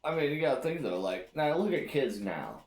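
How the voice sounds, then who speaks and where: Speaking at a moderate pace in a fairly high voice, this male host spins animated, profane, loose stories in a casual chat. Faint noise and an echoey room color the recording.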